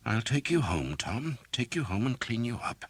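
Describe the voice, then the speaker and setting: A man voicing a small, hot-tempered priest who shouts commands in an audiobook. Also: mid-range voice, very animated, moderate pace, slightly rough, dry recording, voice pushed up. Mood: gentle. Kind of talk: audiobook character voice.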